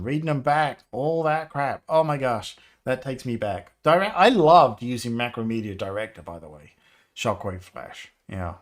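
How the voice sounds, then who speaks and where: Lively, chatty man in his fifties. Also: mid-range voice. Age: 50s. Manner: rambling, nostalgic, laughs often. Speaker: game developer livestreamer. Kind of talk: casual live-stream chat.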